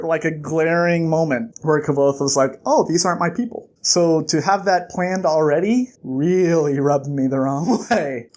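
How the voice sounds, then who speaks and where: A book vlogger recaps a story in a chatty, animated way, with plenty of fillers. The voice sits at a middle pitch.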